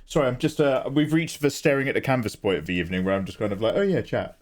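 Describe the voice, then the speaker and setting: A man's voice: mid-range voice, expressive, rapid-fire. A man chatting casually on his livestream while drawing, joking and bantering, with casual swearing.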